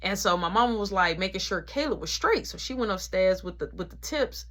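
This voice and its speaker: Woman storyteller, casual, animated, voice rising and dipping a lot. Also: medium pitch, a little fast. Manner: animated, lots of reported speech.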